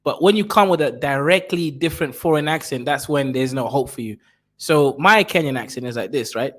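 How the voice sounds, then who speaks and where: A man reacting to a video in casual commentary, animated and jokey. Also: a little fast. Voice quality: animated and jokey, with swings in pitch. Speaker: reaction streamer.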